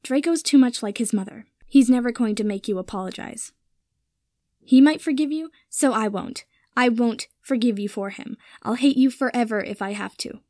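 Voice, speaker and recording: A woman voicing a fierce, protective young woman who talks in a sharp, cutting way. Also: on the high side, moderate pace, no echo, studio quality, close to an everyday voice. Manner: cutting, forceful when angry.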